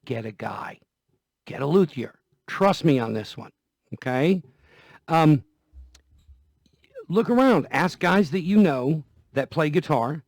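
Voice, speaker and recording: A man's voice: a little high, animated, takes it slowly, pauses often, no echo. Folksy man talking guitars. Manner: conversational, folksy, repeats himself. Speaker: guitar vlogger. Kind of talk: casual demonstration talk. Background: guitar playing.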